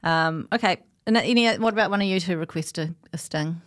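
A woman, hosting a podcast in casual chat with wry, quick asides. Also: fairly low pitch, a bit bright. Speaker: podcast host.

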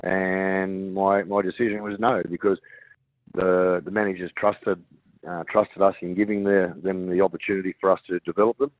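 A low-pitched Australian man coaching rugby league, speaking in halting bursts full of fillers and restarts. His voice comes through a tinny phone line, dry and close. It sounds like a call-in to a sports radio show. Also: level tone, dry recording. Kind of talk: radio interview over the phone.

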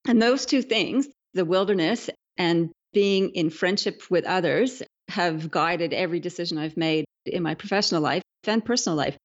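A woman's voice: on the low side, moderate pace, hardly any pauses, lo-fi sound. A Canadian woman, a leadership speaker, joining a podcast interview remotely and reflecting on adventure.

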